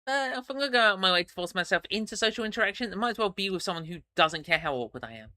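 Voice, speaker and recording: A man's voice: high voice, expressive, very fast, pushed and bright. A man streaming, reading a story game aloud and chatting between passages, with stammering restarts and chuckling asides.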